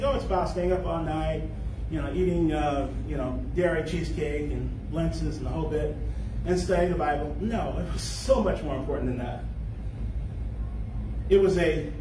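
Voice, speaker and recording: A man's voice: a little high, noisy background. Man teaching scripture in an echoey hall. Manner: explanatory, stretches key words for emphasis. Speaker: congregation teacher. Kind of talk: sermon on scripture. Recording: echoey room, voice from far off.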